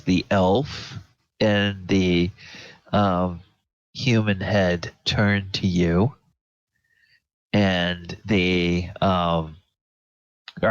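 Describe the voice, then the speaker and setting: Slow, low-voiced game master man. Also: dry recording. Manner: slow, searching, many fillers. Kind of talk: narrating a tabletop game. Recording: dull lo-fi audio.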